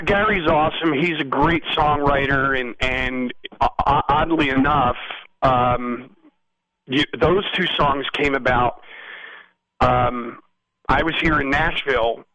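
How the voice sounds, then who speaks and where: A man guesting on an interview and spinning long, lively stories with a bright, forceful edge to his voice. He rambles through the tale and keeps checking in with "you know what I mean?" The sound is close and dry, with no room around him. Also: medium pitch, a little slow, no echo, rough recording. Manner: rambling, animated storytelling. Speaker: musician guest. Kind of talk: casual storytelling interview.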